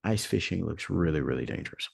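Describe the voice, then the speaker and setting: A man's voice: deep voice, animated, fast, gravelly, slightly rough, dry recording, studio quality. A man from Texas, a guest in an interview, speaking emphatically and repeating his key points. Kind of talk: casual interview.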